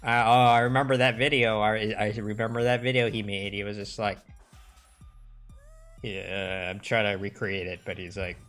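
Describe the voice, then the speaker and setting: Young male streamer, loose and rambling, swears freely; keen, bright voice. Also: on the low side, little pitch movement, moderate pace, faint music behind. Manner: rambling, swears a lot, restarts often. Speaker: livestream host. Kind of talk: casual livestream chat.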